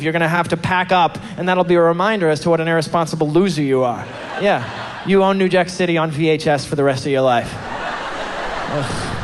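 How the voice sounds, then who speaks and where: A man on a comedy club stage, his voice sitting a little high as he rants with exasperation and trips over quick restarts. The live recording carries a clear layer of background noise. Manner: exasperated ranting with stammered restarts. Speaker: stand-up comedian. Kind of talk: stand-up routine.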